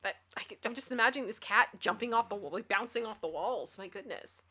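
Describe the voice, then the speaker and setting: A woman with a mid-range, expressive voice talks fast, her tone pushed, bright, and slightly rough. She's hosting a casual livestream, chatting with viewers, reading their comments out loud, and giggling a lot.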